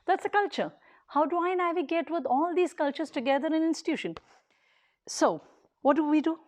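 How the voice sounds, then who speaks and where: High-voiced woman giving an earnest talk. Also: lively intonation, a little fast. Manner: earnest, emphatic, short repeated phrases. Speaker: daycare leader. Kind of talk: public talk.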